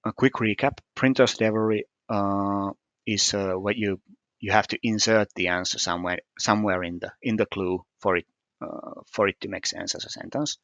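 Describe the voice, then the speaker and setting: A man's voice: fairly low pitch, steady tone, normal speed, a bit bright, dry recording. A man walking through a puzzle solution step by step, hesitant and methodical, with frequent fillers. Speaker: puzzle solver explaining solutions. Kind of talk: screen-recorded puzzle walkthrough.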